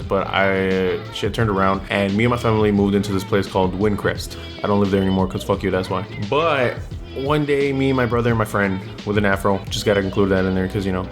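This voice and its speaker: A young man telling stories in a blunt, slangy rant, swearing constantly. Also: lowish voice. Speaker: vlogger. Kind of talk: casual profane rant, storytelling. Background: music.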